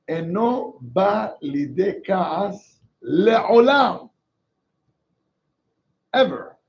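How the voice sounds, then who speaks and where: A rabbi teaching an informal Torah class, switching between Hebrew and English in an animated way. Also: high-pitched, gravelly, highs cut off. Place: small synagogue class with people present.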